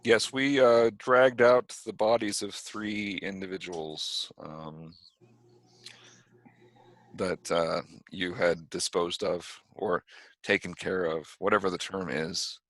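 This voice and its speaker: A man narrating as game master of a tabletop game over a video call, pausing with frequent fillers. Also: low-pitched, fairly even intonation, fairly bright tone, dry recording. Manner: hesitant, filler-heavy.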